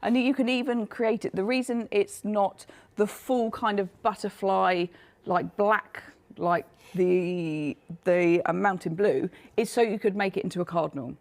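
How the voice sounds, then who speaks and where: Woman, hoarse, chatty, live shopping presenter. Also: medium pitch, a little slow, darkish tone. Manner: chatty, self-deprecating, laughs often. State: coughing, losing her voice. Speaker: craft designer presenting her collection.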